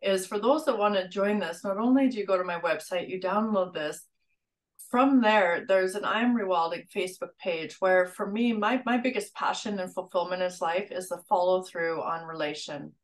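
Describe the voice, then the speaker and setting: A woman's voice: medium pitch, moderate pace, low-quality recording. A woman speaking as a coach in a casual interview, with an earnest, inspirational manner and repeated words. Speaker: rewilding coach interviewed as guest.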